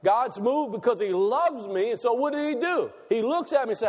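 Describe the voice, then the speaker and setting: A man preaching a sermon, asking his listeners questions and slowing down to stress key words. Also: very high-pitched, lively intonation, long reverb tail. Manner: asks the audience questions, slows for emphasis.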